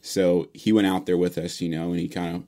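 A young man with a low, deep voice, talking as a guest in a casual chat. He tells his story in an easygoing way, full of "you know" fillers. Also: little pitch movement, fairly quick, dark tone.

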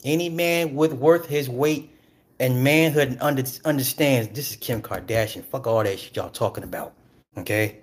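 A man ranting casually and profanely about celebrity gossip, animated and breaking into laughs. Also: medium pitch, moderate pace. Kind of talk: casual rant.

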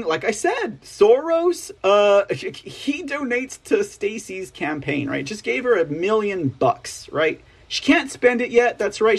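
Sarcastic Texan man with a husky voice. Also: sits high. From Texas. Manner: sarcastic, rambling asides with frequent "right?". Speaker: news show host. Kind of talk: opinionated commentary reading news.

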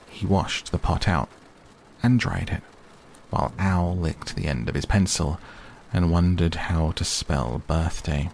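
A man reading a children's classic as a calm bedtime audiobook, slow and soothing. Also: sits low, creaky, slight background noise. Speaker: narrator.

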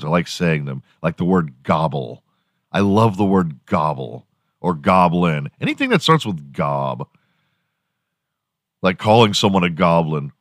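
A man's voice: low-pitched, fairly bright tone, dry recording. Rambling, crude man on a dry mic. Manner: rambling, crude, laughs at his own jokes. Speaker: podcast host. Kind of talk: solo comedic podcast rant.

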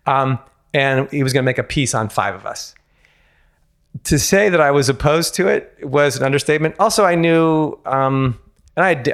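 A man's voice: mid-range voice, fairly bright tone. A man, a former ballet dancer, telling a candid personal story in an interview, frank and self-mocking, with casual swearing and many restarts.

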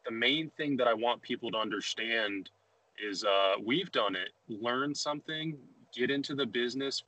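A man's voice: mid-range voice, bright, forceful tone, dry recording, low-quality recording. Young guy hosting a podcast, rambly and loose, dry close sound. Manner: rambling, many restarts and fillers. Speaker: podcast host. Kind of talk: casual conversation.

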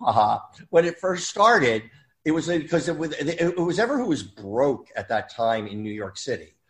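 A man in casual comedy chat, telling rambling stories and jokes with a laugh. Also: mid-range voice. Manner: rambling, joking storyteller.

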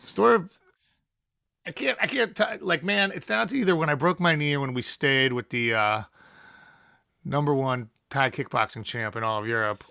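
A man's voice: mid-range voice, moderate pace, creaky, sharp tone, dry recording, studio quality. A young adult man, a guest musician, telling a rambling story with lots of fillers and laughs. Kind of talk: casual anecdote telling.

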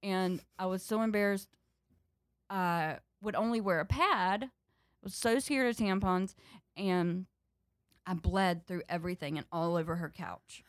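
A woman comedian from North Carolina, telling a story in casual chat, animated, laughing often and acting out quotes. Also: lowish voice, unhurried, no echo, clean studio sound. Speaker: comedian guest.

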